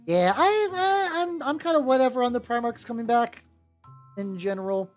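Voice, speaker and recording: Rambling man with a lively voice. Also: very high voice, brisk. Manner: rambling, stumbling self-corrections. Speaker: VTuber streamer. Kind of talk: casual livestream chat while painting miniatures. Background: soft background music.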